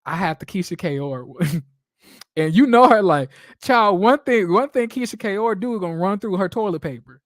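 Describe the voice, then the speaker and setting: A man hosting a casual live stream from home, telling stories in a dramatic, expressive way, swearing freely and laughing often. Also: high voice, normal speed, no room sound, studio quality.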